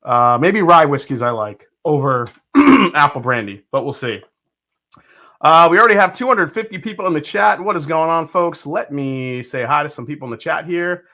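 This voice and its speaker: A middle-aged man hosting a casual whiskey livestream, rambling with lots of fillers and restarts, greeting the chat loudly and cheerfully. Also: a little high, normal speed. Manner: loud upbeat greetings to the chat. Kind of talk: casual live-stream chat.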